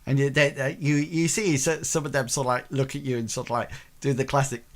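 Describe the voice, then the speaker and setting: A man's voice: mid-range voice, steady tone, brisk. A man narrating a tabletop game as game master, rambling with many fillers.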